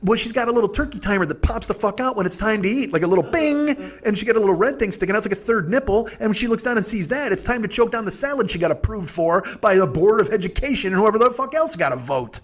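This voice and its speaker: A man's voice: high voice, expressive, quick pace, hardly any pauses. A man hosting a podcast, telling a rambling, profane comic story with lots of stammering restarts. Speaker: podcast host.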